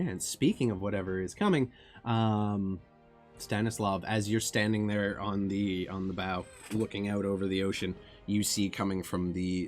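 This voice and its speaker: Low-voiced man running a tabletop game. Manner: descriptive, with filler restarts. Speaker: game master.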